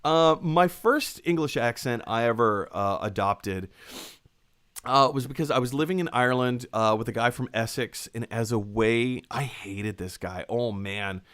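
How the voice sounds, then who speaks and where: A man's voice: mid-range voice, unhurried, a bit bright, smooth. A man in the middle of his register hosts a casual live stream. He works through viewer messages aloud, rambling with plenty of fillers and restarts. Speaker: podcast host.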